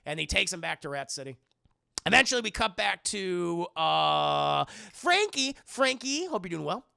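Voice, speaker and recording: A man's voice: sits high, sing-song, moderate pace, creaky, bright, forceful tone. A man streaming a casual film recap, talking in a profane, rambling way.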